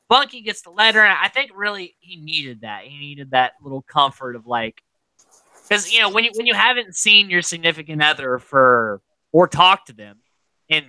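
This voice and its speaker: Bright-voiced man recapping a reality show. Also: fairly high pitch, smooth, no room sound, low-quality recording. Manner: animated, quotes people in put-on voices. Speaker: podcast host.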